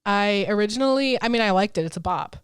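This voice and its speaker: A young woman in her twenties co-hosting a casual podcast, enthusiastic and quick to laugh as she gushes about songs. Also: medium pitch, lively intonation, clear, resonant tone, no echo, clean studio sound. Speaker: podcast co-host. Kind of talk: casual chat about song lyrics.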